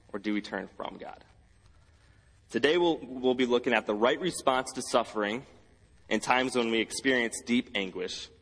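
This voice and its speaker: A man's voice: medium pitch, big-room sound, rough recording. A man preaching a sermon as pastor, earnest, repeating key phrases for emphasis. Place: church sanctuary.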